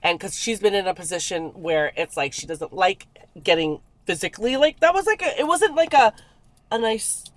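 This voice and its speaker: Podcast co-host, woman; animated storyteller, close and dry. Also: mid-range voice, moderate pace, no echo. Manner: animated storytelling, acts out quotes. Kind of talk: casual chat.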